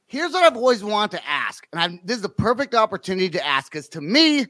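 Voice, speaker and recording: A man's voice: sits high, very animated, a little fast, pushed and bright, no room sound. A man from Northern California hosting a casual podcast interview, asking chatty, rambling questions. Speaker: podcast host.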